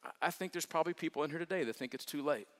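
A man preaching a sermon as pastor, earnest and repetitive, swinging from hushed to emphatic. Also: a little high, racing. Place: large church hall. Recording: long reverb of a large hall.

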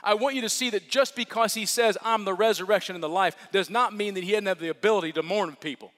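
A man with a high voice delivers an earnest sermon, dropping to near-whispers and then rising to emphatic peaks as he repeats key words. His voice rings out with the long reverb of a large church hall. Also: fast. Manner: earnest preaching that swings from hushed to emphatic, with repetition. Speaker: pastor.

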